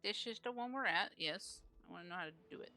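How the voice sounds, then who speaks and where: A woman's voice: medium pitch, quick pace, sharp tone. A woman streamer giving casual live commentary on a game, grumbling aloud and swearing freely.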